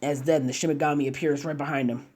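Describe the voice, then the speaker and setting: Casual fan-story narrator, rambling "as" clauses. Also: male voice, a little high, fairly even intonation, fast talker, a little mellow. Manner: chains clauses with "as", casual slang and fillers.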